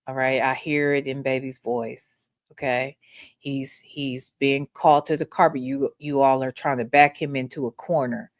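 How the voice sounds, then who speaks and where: A woman hosts a casual commentary livestream, reading chat comments in a bass voice with a steady tone at normal speed. She is emphatic, repetitive and profane, and keeps tagging her lines with "okay?". The recording is studio quality with no echo.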